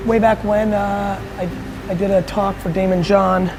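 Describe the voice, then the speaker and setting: A man's voice: high voice, level tone, moderate pace, background noise. A man vlogging his day and giving a motivational talk, blunt, intense and full of swearing. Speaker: entrepreneur vlogger and conference speaker. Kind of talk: casual vlog talk and motivational speech.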